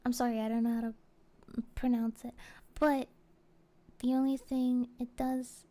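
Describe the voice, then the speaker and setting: A woman streamer chatting casually and answering viewer comments, rambling and halting with many fillers. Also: on the high side, little pitch movement. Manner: soft and gentle, with small laughs.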